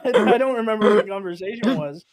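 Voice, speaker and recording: A man's voice: sits high, animated, fast talker, darkish tone. A young man in casual stream chat, easygoing and teasing.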